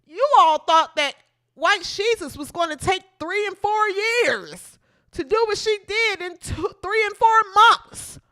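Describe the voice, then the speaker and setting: A woman's voice: extremely high pitch, lively intonation, unhurried, bright, forceful tone. A woman hosting a comedic sports podcast, sassy and emphatic, calling people out directly. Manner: sassy, emphatic, talks straight at the person she criticizes. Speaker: podcast host.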